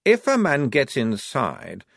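A man's voice: medium pitch, wildly swooping pitch, slow, vocal fry, dry recording, studio quality, pitched above the performer's own voice, exaggerated voice. A man voicing a prim, fussy young army officer with a raised, mannered way of speaking. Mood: eager. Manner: raised, prissy, mannered speech.

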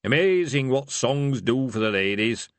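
A man voicing a wistful old male barbarian warrior who muses in a rough, plain way. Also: medium pitch, expressive, a little slow, dry recording, voice pushed up, close to an everyday voice. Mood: musing. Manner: musing and rough-mannered.

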